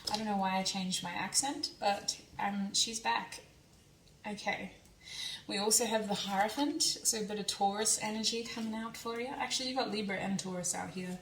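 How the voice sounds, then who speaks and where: A woman's voice: mid-range voice, a little fast, a little hiss or hum. Chatty young woman reading tarot, echoey. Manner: chatty, laughs often, thinking aloud. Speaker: tarot reader. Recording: echoey room, a bit distant from mic.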